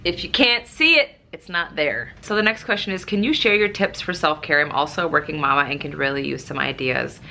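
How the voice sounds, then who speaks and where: A woman's voice: deep voice, fairly quick, vocal fry, hardly any pauses, sharp tone, slight background noise. A young woman chatting through a casual Q&A vlog, emotional and close to tears at times, with lots of fillers. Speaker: nurse and vlogger.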